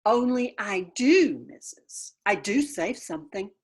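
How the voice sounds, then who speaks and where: A woman voicing a bubbly, bossy little kindergarten girl who talks loudly and mangles big words in a children's book read-aloud. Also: mid-range voice, sing-song, a little slow, breathy edge, voice pushed up. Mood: chatty.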